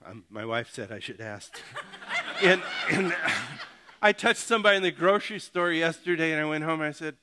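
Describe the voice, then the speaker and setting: A middle-aged man preaches in a loose, conversational way, cracking jokes and checking in with his congregation. His voice sits a little high and sounds bright and forward. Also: moderate pace, pauses often, clear, resonant tone. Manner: joking, animated, talks to the congregation directly. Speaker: pastor. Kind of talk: casual conversational sermon.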